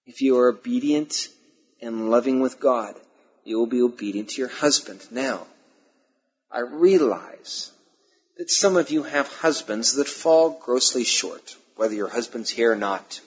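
Man, pastor, sermon, husky, emphatic repetition, muffled lo-fi sound. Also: mid-range voice. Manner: emphatic preaching with repeated phrases and pauses. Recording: dull lo-fi sermon recording.

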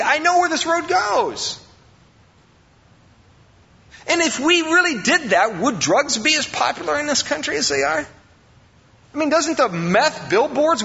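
A male pastor preaches a sermon in a high, sharp voice. He jumps up in pitch and acts out the excuses people make. The sound is a bit dull and carries a long hall reverb. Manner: preaching with sudden rises in pitch, acting out quoted excuses.

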